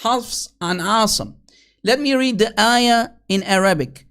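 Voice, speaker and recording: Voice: medium pitch, measured pace, a bit bright. A speaker delivering a rebuttal commentary in a combative, accusatory manner. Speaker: critic making a rebuttal video.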